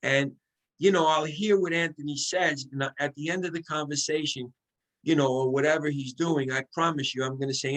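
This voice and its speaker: A man giving an excitable, coaching sales training talk over a video call, acting out sample phone calls as he goes. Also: a little high, normal speed, poor audio. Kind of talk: motivational team training talk.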